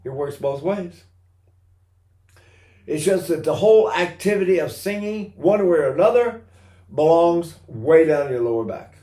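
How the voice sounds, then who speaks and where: A man's voice: a little high, animated, moderate pace, pauses often, warm tone. An older man teaching singing technique, talking animatedly and breaking into short sung vowels and laughs to demonstrate. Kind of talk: singing lesson with sung examples. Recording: roomy echo.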